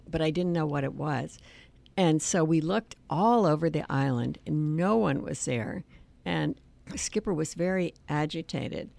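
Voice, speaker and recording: An older woman telling family stories in an interview, hesitant and soft-spoken. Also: fairly low pitch, vocal fry. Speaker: author and guest. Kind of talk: storytelling interview.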